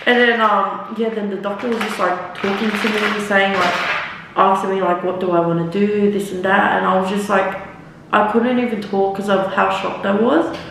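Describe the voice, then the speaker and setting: A woman's voice: medium pitch, fairly even intonation, moderate pace, vocal fry, noisy background. A young woman telling a casual storytime while doing her makeup, rambling and swearing freely, with lots of "like" and "literally". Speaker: vlogger. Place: echoey room, talking away from the camera. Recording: roomy echo, mic at a distance.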